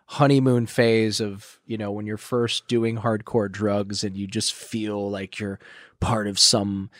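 A man with a lowish voice tells a rambling, profane story from his past, swearing freely. He livens up whenever he quotes someone else. The sound is dry and close, with no room around him. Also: dry recording. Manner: rambling, profane, animated when quoting others. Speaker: guest in recovery. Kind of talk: candid storytelling interview.

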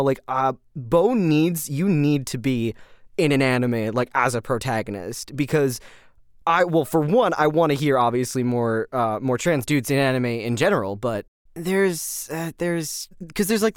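A man hosting a casual rambling podcast, gushing and excitable, full of fillers and laughs. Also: a little high, dry recording, clean studio sound. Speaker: podcast host.

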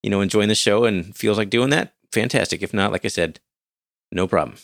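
A man's voice: on the low side, brisk, gravelly, fairly bright tone, no room sound, clean studio sound. A man co-hosting a casual podcast, laid-back and rambling, chuckling often as he talks. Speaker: podcast co-host.

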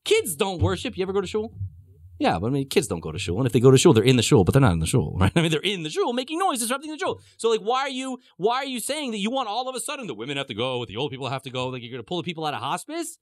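An indignant king of Egypt, as a man acts him out in a teacher's retelling, haggling in short, wheedling jabs. His voice sits a little high and leaps wildly in pitch. The sound is close and dry. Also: big pitch swings, racing, no room sound. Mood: accusing.

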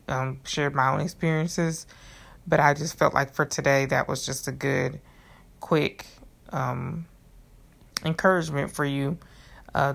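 A woman podcast host reading a devotional book aloud in an earnest, measured way, then adding her own comments. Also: a bass voice, gravelly, a bit bright.

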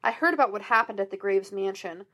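A woman's voice: mid-range voice, fast talker, bright, forceful tone. A stern older father, as a woman reader puts him on, snapping and scolding with rising force. Firm and clipped.

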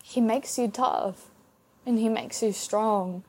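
A young woman hosting her own podcast, giving a halting, heartfelt faith testimony with soft laughs while tearful from crying. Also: a little high. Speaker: podcast host.

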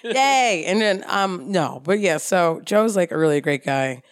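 Bubbly woman chatting with a lively lilt. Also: on the low side, a little slow, no room sound, studio quality. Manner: bubbly, laughs often, teasing. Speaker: podcast co-host. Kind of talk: casual chat.

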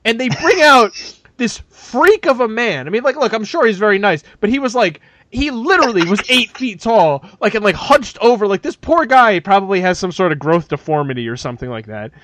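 High-voiced man telling a funny story. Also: brisk. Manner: animated, swears often, laughs mid-sentence. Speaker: podcast co-host. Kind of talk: casual comedic storytelling.

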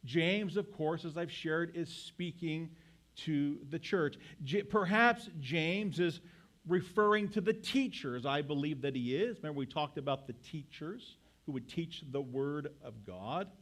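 A pastor in mid-sermon, a man whose voice sits a little higher than most. He preaches with emphasis, leaning on rhetorical questions and repeating his points so they land. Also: expressive, a little slow, fairly bright tone.

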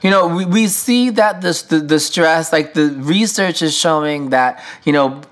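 A man's voice: a little high, measured pace, fairly bright tone. A man hosting a podcast, talking through his feelings in a candid, emotional solo monologue, swearing freely with casual slang and lots of fillers. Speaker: podcast host.

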